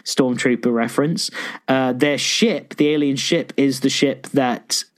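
A man co-hosting a casual podcast, recapping episodes with excited jumps up in pitch and plenty of swearing. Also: unhurried. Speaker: podcast co-host.

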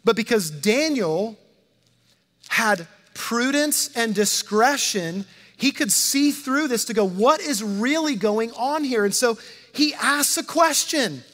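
A man with a high voice preaches a sermon in a relaxed, conversational way, often repeating his words and acting out the quotes. His voice rings with a long reverb, as if in a large hall. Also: takes it slowly. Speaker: pastor.

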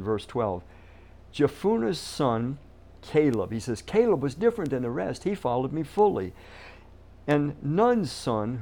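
A man's voice: mid-range voice, darkish tone. A middle-aged man preaching a sermon as pastor, emphatic and repeating key words for stress.

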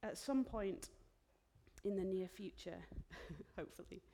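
Woman, sermon in church, heartfelt, emotional, medium pitch, soft whispered asides. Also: measured pace, slight background noise. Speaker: preacher.

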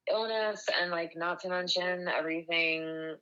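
Co-host, female, lowish voice, chatty and profane. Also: fairly even intonation, bright, forceful tone, clear, resonant tone, muffled recording. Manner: chatty, swears freely, quick bursts. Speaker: podcast co-host. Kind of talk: casual chat.

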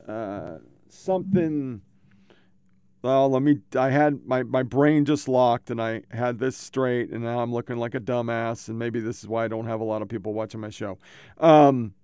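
A man's voice: mid-range voice, clean tone, dry recording. A man hosting his own podcast, telling rambling, profane stories to his own microphone at a home computer setup. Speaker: podcast host. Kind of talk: casual rambling monologue.

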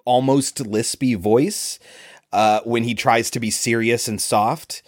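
A man's voice: medium pitch, steady tone, takes it slowly. Guy on a movie podcast, opinionated, blunt, casual. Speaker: podcast co-host. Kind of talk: casual movie review chat.

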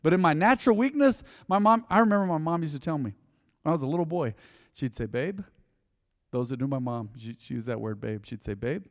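A man in his forties preaching a sermon to his congregation, folksy and direct, swinging between loud emphasis and quiet intensity. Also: on the high side, lively intonation, quick pace. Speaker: pastor. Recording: long hall reverb.

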